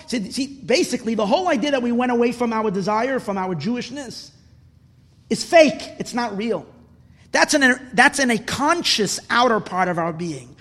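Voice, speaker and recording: A man giving an impassioned sermon as a religious teacher, repeating words for emphasis and swelling toward shouts. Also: extremely high pitch, animated, brisk. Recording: long reverb in a hall.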